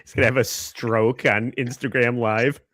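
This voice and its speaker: A man's voice: mid-range voice, little pitch movement, normal speed, a bit bright, no room sound. A man co-hosts a podcast, trading snarky jokes and laughing along. His voice sounds dry and close to the mic. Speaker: podcast co-host. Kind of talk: casual chat.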